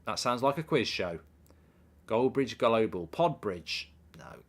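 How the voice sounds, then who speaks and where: A man hosting a live football watchalong, rambling and self-mocking as he chats, often dropping into a quiet mumble. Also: mid-range voice, animated, slow. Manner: rambling, self-mocking, riffs on ideas and reads out viewer messages. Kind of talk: casual live commentary and chat reading.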